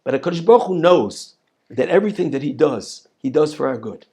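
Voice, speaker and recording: Male rabbi teaching, emphatic, lively high pitch, gravelly. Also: fairly quick, slight background noise. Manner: emphatic, repeats words, rhetorical questions. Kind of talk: Torah lesson.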